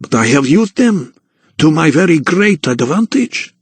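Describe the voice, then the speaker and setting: A man's voice: on the high side, sing-song, unhurried, dry recording, voice pushed up, heavily acted. A man putting on a haughty little foreign count. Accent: Polish. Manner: haughty, hoarse whisper. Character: small dapper male foreign count, proud.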